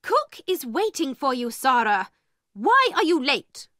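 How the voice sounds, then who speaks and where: A woman's voice: sits high, very animated, slow pace, no room sound, studio quality, pitched above the performer's own voice, heavily acted. A woman voicing a stern scolding headmistress. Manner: sharp and scolding.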